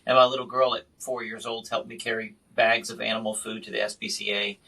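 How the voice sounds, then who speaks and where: A man hosting a podcast, chatting casually and telling stories in an animated way. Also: fairly low pitch, a little fast, gravelly, far from the mic, poor audio. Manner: animated storyteller. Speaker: podcast host and magician. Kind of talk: casual interview chat.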